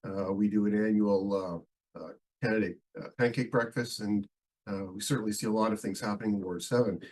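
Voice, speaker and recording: A male town councillor speaking in a council debate, nursing a head cold and losing his voice, talking haltingly with many fillers and restarts. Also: fairly low pitch, fairly even intonation, darkish tone, poor audio. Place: council meeting.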